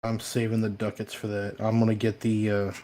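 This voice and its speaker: A man's voice: fairly low pitch, monotone, a little fast, warm tone. A man in a casual live chat, enthusiastic and jokey, given to exaggerated playful threats.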